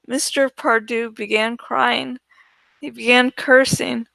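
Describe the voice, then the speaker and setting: A woman reading a novel aloud in first-person audiobook narration, slow and deliberate. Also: on the high side, fairly even intonation, creaky, pushed and bright, dry recording. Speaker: audiobook reader.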